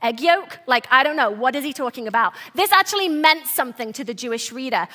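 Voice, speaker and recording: Woman pastor, sermon; high, bright voice, earnest and tender, lively asides. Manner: earnest, soft-spoken with animated bursts and restarts.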